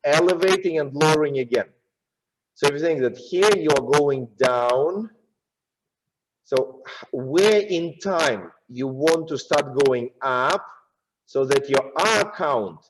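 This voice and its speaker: Russian-accented dance teacher, slow and distant. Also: male voice, fairly high pitch, background noise. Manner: counts and chants rhythm while demonstrating. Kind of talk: dance masterclass instruction. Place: dance studio. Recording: roomy, distant, dull studio sound.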